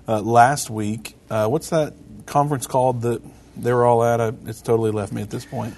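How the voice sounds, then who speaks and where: A man co-hosting a casual religious talk show, chatting relaxed and reading quotes aloud. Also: mid-range voice, normal speed, vocal fry, a little hiss or hum. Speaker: podcast co-host.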